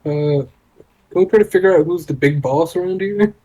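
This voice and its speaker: A man playing in a tabletop game, jokey and quick to laugh. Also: on the high side, warm tone, husky, poor audio. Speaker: player. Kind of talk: casual tabletop play.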